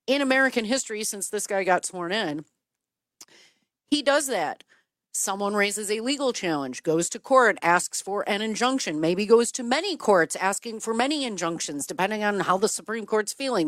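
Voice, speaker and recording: A woman's voice: medium pitch, a bit bright, dry recording. A woman from Wisconsin explains political questions in an emphatic, detailed way. She sounds earnest and lays out each step carefully. The sound is dry and close, with faint music underneath. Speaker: political commentator answering questions. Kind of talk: explanatory talk.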